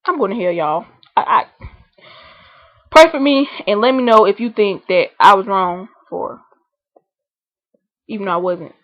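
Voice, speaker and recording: A woman vlogging a comedic rant, animated and indignant. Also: medium pitch, measured pace, pauses often, dry recording, lo-fi sound. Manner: animated, indignant, acts out scenarios in voices.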